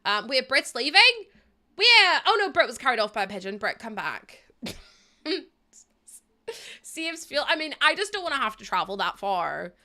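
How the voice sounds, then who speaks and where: A woman's voice: high voice, very animated, moderate pace, pauses often, bright, forceful tone. A woman streaming a game, chatting with viewers in a rambling, laughing way. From Ireland. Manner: rambling, chatty, laughs often, talks to chat. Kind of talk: casual livestream chat while playing.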